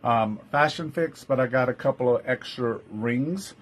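A man's voice: mid-range voice, moderate pace, slight background noise. Chatty Texan man hosting a live sale. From Texas. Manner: chatty, greets viewers by name and calls them love. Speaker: online jewelry seller hosting a live sale. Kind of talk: live-stream sales chat.

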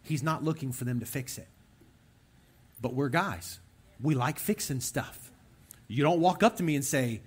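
Young man, preacher, husky voice, lively swinging pitch, animated casual sermon. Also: a little slow, pauses often. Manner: animated, talks straight to the men in the room. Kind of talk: conversational sermon.

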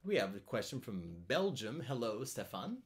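A man's voice: mid-range voice, big pitch swings, moderate pace. A man hosting a cello live stream, chatting casually, reading out viewer comments and answering them, often repeating his words as he thinks aloud. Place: home in France.

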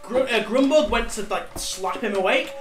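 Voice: mid-range voice, moderate pace. Rambling game master in an echoey room. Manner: rambling with many fillers and restarts. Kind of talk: narrating a tabletop game. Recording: roomy, distant, music behind.

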